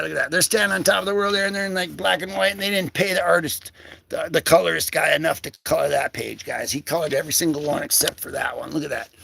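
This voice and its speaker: A man's voice: sits high, gravelly, pushed and bright. A man hosting a casual livestream, rambling through comic pages in slangy talk full of fillers and greeting viewers in chat. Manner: talks to chat viewers by name. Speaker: livestream host.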